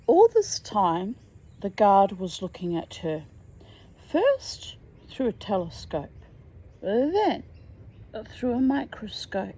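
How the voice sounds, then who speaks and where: A woman reads a storybook aloud with expressive, drawn-out phrasing. Her voice is husky and mellow. Her pitch swoops widely at a slow pace. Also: rough recording. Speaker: reader.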